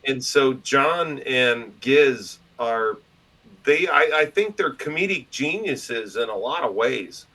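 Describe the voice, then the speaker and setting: Guy ranting stories on a stream, cussing a lot, bright punchy voice, pitch all over. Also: slow pace, poor audio. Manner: loud, profane, animated, mimics voices. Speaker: podcast guest and publisher. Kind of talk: casual interview storytelling.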